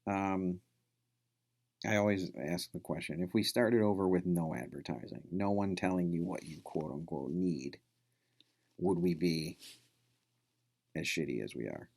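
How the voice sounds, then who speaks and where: A man's voice: low voice, a little slow, vocal fry, pauses often, a little mellow. A male instructor giving a casual recorded lecture, rambling with many fillers and restarts.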